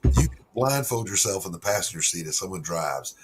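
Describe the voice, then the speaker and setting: A man's voice: deep voice, very animated, a little fast, noisy background. A middle-aged man hosting a casual stream chat, telling stories loosely and swearing freely. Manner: laid-back storyteller, swearing freely. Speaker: stream host.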